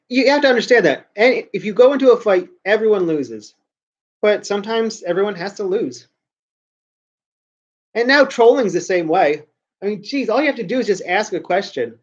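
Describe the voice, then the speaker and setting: A man's voice: high-pitched, lo-fi sound. A man hosting a show, giving a brash, blunt ranting commentary full of swearing. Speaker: show host.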